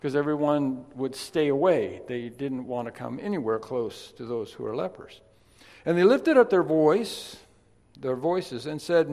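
Male preacher, gravelly, talky asides rising to forceful emphasis, in a reverberant hall. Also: mid-range voice, animated, measured pace. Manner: conversational, swings from quiet asides to emphatic loud stresses. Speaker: pastor. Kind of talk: sermon. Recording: long reverb of a large hall.

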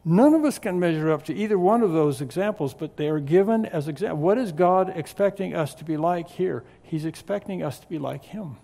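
A man preaching a sermon as pastor, teaching through a scripture passage with slow, emphatic stress on key words and some dry humor. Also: on the high side, expressive, creaky, mellow. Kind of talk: expository sermon. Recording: long hall reverb.

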